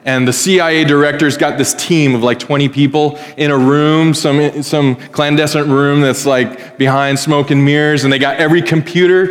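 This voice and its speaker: Animated preacher in an echoing church hall. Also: male voice, fairly high pitch, moderate pace, hardly any pauses. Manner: conversational storytelling, acts out quoted voices. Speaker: pastor. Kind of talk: sermon. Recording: long reverb in a hall.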